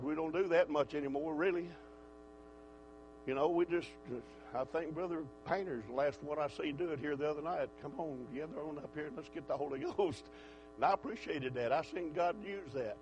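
A man preaching a sermon in a church, moving from quiet talk to fervent shouting. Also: fairly high pitch, poor audio. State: out of breath.

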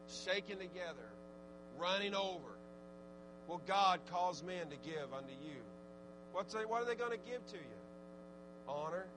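A man preaching a sermon, swinging from fervent exhortation to low, conversational asides. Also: background noise. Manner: rising to fervent shouted exhortation, then dropping low and conversational.

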